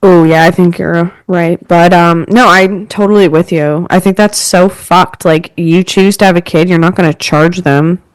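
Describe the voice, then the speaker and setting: A woman in her twenties co-hosting a casual podcast, telling stories in an animated, chatty way with lots of fillers. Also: on the low side, moderate pace, hardly any pauses, smooth, dry recording, low-quality recording. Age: 20s. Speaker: podcast co-host.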